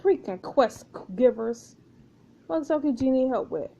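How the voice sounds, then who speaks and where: High-voiced giggly woman playing a story game. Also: lively intonation, normal speed, creaky, warm tone. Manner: giggly, chatty asides. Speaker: let's play narrator. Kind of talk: reading a story game aloud with casual reactions.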